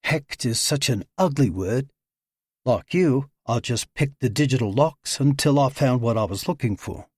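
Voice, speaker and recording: A man's voice: medium pitch, lively intonation, moderate pace, darkish tone, breathy edge, no room sound, clean studio sound. A man voicing a proud young woman, a hacker and model, who talks back with confident defiance. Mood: wry.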